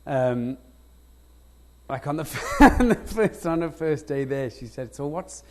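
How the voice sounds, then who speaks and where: Welsh man telling animated anecdotes. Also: on the high side, unhurried. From Wales. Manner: animated anecdotes, laughs often, self-interrupting restarts. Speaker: guest actor. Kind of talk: on-stage storytelling conversation. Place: lecture stage before an audience.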